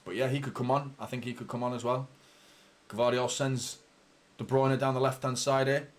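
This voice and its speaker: A man hosting a live football watchalong, chatting casually and swearing freely, quickly heated and exasperated by mistakes. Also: mid-range voice, little pitch movement. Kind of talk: live match commentary and chat.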